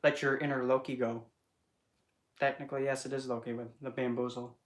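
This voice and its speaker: With a mid-range voice that barely moves in pitch and a slightly quick pace, a spiritual vlogger chats loosely to camera, playful and digressive, frequently doing voices. A little hiss or hum is audible, and the manner leans on wordplay and asides.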